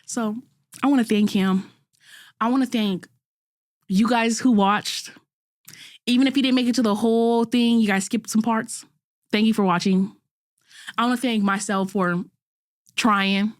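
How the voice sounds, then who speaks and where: A woman's voice: a little high, steady tone, measured pace, long pauses, no echo, clean studio sound. Candid slangy young woman podcast host. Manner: candid, slangy and self-critical, with frequent restarts. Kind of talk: casual self-reflective monologue.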